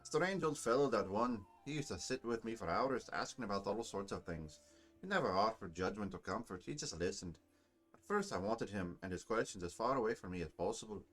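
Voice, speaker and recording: A man's voice: lowish voice, lively intonation, a little fast, faint music behind. A man voicing a grim, bitter male dwarf soldier in a put-on Scottish accent, blunt and gloomy. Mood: wistful.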